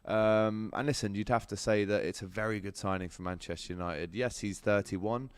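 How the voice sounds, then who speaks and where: A male sports show host with a fairly low, steady voice chats casually at a moderate pace about football transfer news and viewer comments. He addresses his audience directly and says um a lot. The recording is dry with a clean tone.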